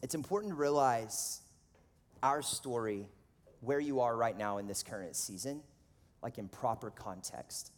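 Male pastor, 30s, mid-range voice, relaxed conversational preaching, big reverberant church hall. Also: mid-range voice, a little slow. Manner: casual, conversational, animated storytelling with frequent "like". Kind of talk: sermon. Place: church auditorium. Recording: long reverb of a large hall.

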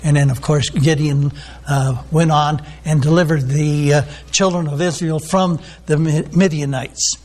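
A man's voice: fairly high pitch, fairly even intonation, unhurried, a little mellow. A man preaching a sermon, teaching in a loose, rambling way with many ums and restarts.

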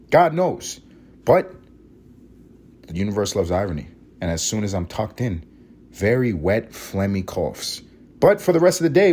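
A man's voice: on the low side, a little mellow, slightly rough. A young man hosting a solo podcast while sick with a cold, sniffly and congested, ranting in a sarcastic, profane, casual way. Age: young adult. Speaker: podcast host.

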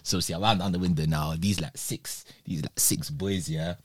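A man's voice: deep voice, steady tone, normal speed, slightly rough, no echo, studio quality. A young man in his twenties with a London accent, telling a story in casual, slang-heavy chat.

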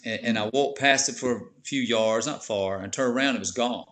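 A man's voice: mid-range voice, fairly quick, fairly bright tone, a little hiss or hum. Earnest man sharing a heartfelt testimony. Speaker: podcast guest, bishop. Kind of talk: emotional testimony in casual chat.

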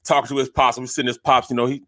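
Laughing, animated sports talk host. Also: male voice, medium pitch, fast, no echo, clean studio sound. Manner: animated storyteller, laughs often.

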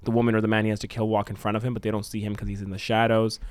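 A man's voice: fairly low pitch, flat delivery, very fast, smooth, no room sound. A man co-hosting a podcast who talks in a rambling, sweary way while brainstorming a story idea, laughing often. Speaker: podcast co-host. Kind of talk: casual brainstorming chat.

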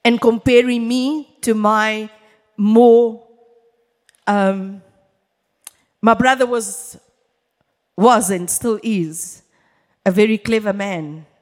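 A woman preacher delivers a sermon at an unhurried, measured pace, her voice sitting fairly high. She leans on key words with emphasis and talks directly to the congregation. A long reverb trails each phrase, as in a church hall.

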